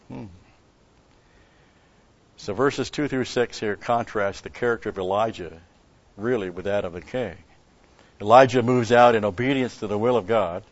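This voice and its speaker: A man's voice: medium pitch, lo-fi sound. A man preaching a sermon, telling a story and asking rhetorical questions with an occasional chuckle.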